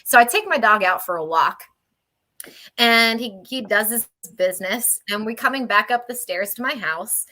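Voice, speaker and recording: Bright-voiced woman telling a lively story. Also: on the high side, moderate pace. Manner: animated, chatty, laughs mid-sentence. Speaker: paranormal investigator on a panel. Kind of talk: casual storytelling.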